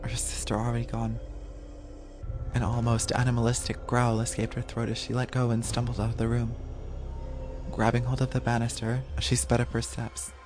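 A man narrating a horror audio drama in a measured, even storytelling voice. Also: mid-range voice. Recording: music playing under the voice.

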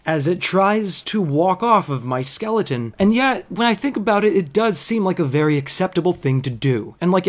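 A man telling a comic story in a monologue, with an animated, self-mocking, frank delivery. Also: on the high side.

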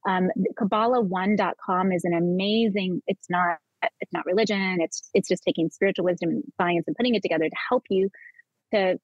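A woman's voice: medium pitch, dry recording. A woman talking as a podcast guest in a conversational interview. She speaks earnestly about spiritual matters and often repeats words while she gathers her thoughts. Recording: dull lo-fi sound.

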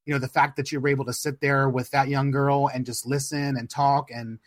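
A man hosting a podcast interview, speaking in a supportive, reassuring, measured way. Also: mid-range voice, flat delivery, no room sound, clean studio sound. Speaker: podcast host.

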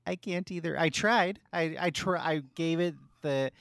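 A woman co-hosting a casual podcast, easygoing and quick to laugh, often trailing off mid-thought. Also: lowish voice, no room sound, clean studio sound. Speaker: podcast co-host. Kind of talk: casual chat.

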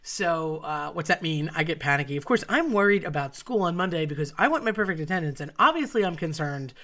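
A woman's voice: low voice, lively intonation, brisk, fairly bright tone. A woman telling a personal story with wry, self-mocking asides. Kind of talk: personal story told to an audience.

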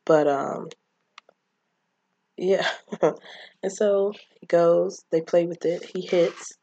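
A woman's voice: fairly low pitch, takes it slowly, vocal fry, mellow. A woman casually recapping a film, rambling and acting out the characters' lines. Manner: rambling, acts out quotes of characters. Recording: dull lo-fi mic.

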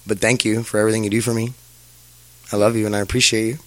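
A man's voice: lowish voice, little pitch movement, very fast, a bit bright, no echo. A young man hosting a podcast in a rambling casual chat, swearing and laughing as he talks. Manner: rambling, profane, laughs often. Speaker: podcast host.

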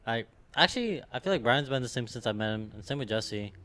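A man's voice: mid-range voice, animated, quick pace, pushed and bright. A young man chatting casually with friends, telling rambling, slangy stories. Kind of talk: casual chat among friends.

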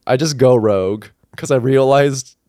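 A man co-hosting a podcast in casual chat, laid-back and quick to laugh. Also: mid-range voice, a little mellow, no echo, clean studio sound. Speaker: podcast co-host.

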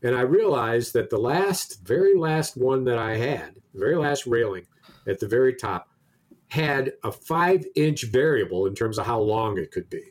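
A man telling a long anecdote in casual conversation, animated, stumbling over restarts and acting out the quoted dialogue. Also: medium pitch, moderate pace. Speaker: storyteller in a conversation.

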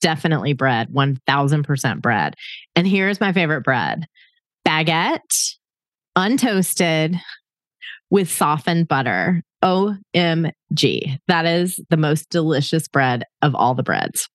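A woman in her forties hosts a casual podcast, trading quick questions with her sister. Her voice sits low but swings widely as she jokes and laughs. The sound is dry and close. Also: big pitch swings, no room sound. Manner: playful, laughs often. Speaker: podcast host. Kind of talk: casual chat between sisters.

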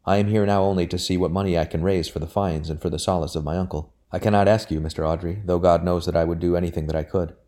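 A man voicing a peevish, anxious young gentleman in a storybook reading, complaining and fretful, low and dark in tone. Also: fairly even intonation, fast, hardly any pauses, close to an everyday voice.

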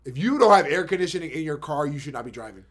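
A man from New York co-hosting a casual chat, emphatic and profane, with animated rants. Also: a little high, racing, a little hiss or hum. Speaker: podcast co-host.

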